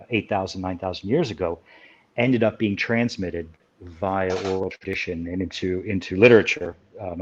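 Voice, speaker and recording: A man's voice: low voice, highs cut off. A man answering interview questions as an academic guest, explaining at length and correcting himself as he goes.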